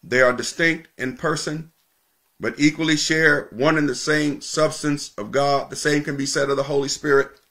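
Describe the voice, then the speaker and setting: A male pastor preaching a sermon, teaching with emphatic repetition and slowing down to stress key points. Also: on the high side, fairly even intonation, a bit bright.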